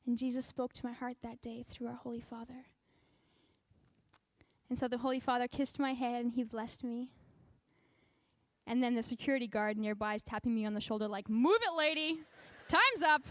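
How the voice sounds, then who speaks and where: A woman's voice: a little high, little pitch movement, a little fast, long pauses, a little mellow, dry recording. A woman giving a personal testimony at a faith convention, telling her story with animation and acting out the quotes.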